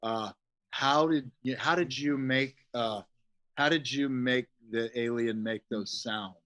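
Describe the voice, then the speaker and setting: A man's voice: medium pitch, slow, a bit bright, rough recording. Middle-aged guy rambling and joking on a podcast, swears a lot. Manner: rambling, jokey, swears freely. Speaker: guest, special effects artist. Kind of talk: casual podcast interview.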